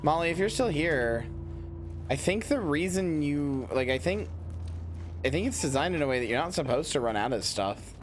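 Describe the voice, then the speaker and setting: A tired man streams a game in the small hours, chatting casually to viewers in a slightly high voice. He rambles, trips over his words and restarts often in a playful way. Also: expressive, normal speed, slight background noise. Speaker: livestreamer. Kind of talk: casual gameplay commentary.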